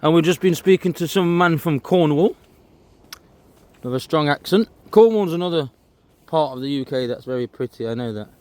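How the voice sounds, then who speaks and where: On a disused railway trail outdoors, a man gives easygoing walking commentary, pointing out things as he passes. His voice is on the high side with a darkish tone, delivered at normal speed.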